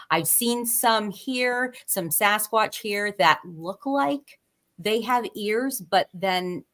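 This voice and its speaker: A woman guest in a casual podcast conversation, talking haltingly with many fillers and restarts. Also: fairly low pitch, fairly bright tone.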